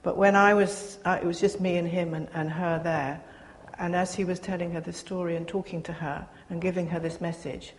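An older woman giving a personal testimony to a gathering, speaking earnestly with pauses and restarts. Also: lowish voice, flat delivery. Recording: reverberant hall, faint background noise.

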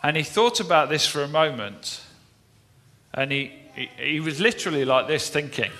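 Bright-voiced preacher in echoing hall. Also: male voice, fairly high pitch, animated, moderate pace. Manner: anecdotal, conversational, with frequent fillers. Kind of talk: sermon storytelling. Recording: long reverberant hall.

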